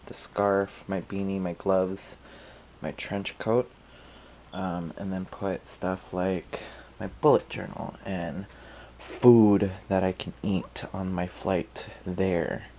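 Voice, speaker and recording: Give me a teary young man, talking slowly and softly at home late at night, with a faint hum behind him. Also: low-pitched, steady tone, low-quality recording. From Hawaii. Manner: rambling, soft, with many fillers and nervous laughs. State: emotional, teary. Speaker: vlogger. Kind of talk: casual late-night vlog talk.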